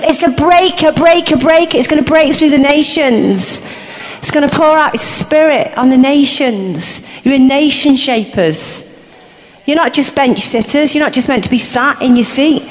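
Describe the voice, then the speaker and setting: Fiery woman preacher, high-voiced, hushed to roaring, long church-hall reverb. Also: moderate pace. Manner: impassioned, swinging from hushed murmurs to roaring shouts. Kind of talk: charismatic sermon.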